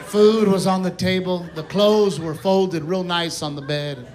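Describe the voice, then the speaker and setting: A man's voice: sits high, steady tone, unhurried. A man doing a stand-up comedy set on a live stage, telling a story and acting out family members' voices. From Mexican-American heritage. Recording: live club recording, loud crowd. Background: audience laughter.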